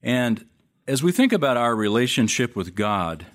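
A man's voice: sing-song, normal speed. A middle-aged male pastor preaching a sermon, telling a long story with sudden rises and drops in his voice and hesitant restarts. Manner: storytelling, wide swings in pitch and loudness, hesitant restarts.

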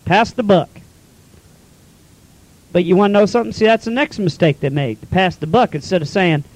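A man's voice: high voice, moderate pace, pauses often, poor audio. A man preaching a folksy sermon, retelling scripture in plain everyday talk.

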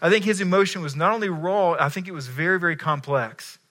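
A man's voice: sits high, quick pace, pushed and bright. A man preaching a sermon in a conversational storytelling way, often checking in with his listeners. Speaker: pastor.

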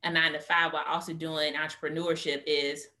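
Woman, podcast guest, lowish pitch, forceful bright tone, animated storytelling. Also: fairly quick. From United States. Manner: animated storyteller, acts out quotes. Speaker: guest, career coach. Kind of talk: conversational interview.

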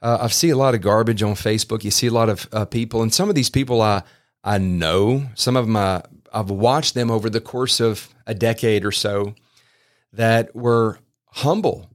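A man's voice: on the low side, moderate pace. A man hosting a faith podcast, talking earnestly in a loose, rambling way with many restarts. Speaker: podcast host. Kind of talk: casual podcast preaching. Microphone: podcast microphone.

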